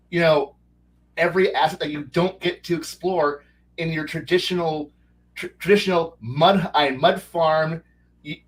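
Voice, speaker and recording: A man chatting casually as a podcast guest, rambling with many false starts and restarts, animated enough to slip into quick character voices. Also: fairly high pitch, far from the mic, low-quality recording. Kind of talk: casual chat.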